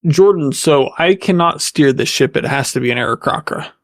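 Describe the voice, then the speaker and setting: A man's voice: a little high, normal speed. A man playing a tabletop game, talking in a rambling way with many fillers. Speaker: player. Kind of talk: casual chat at a gaming table.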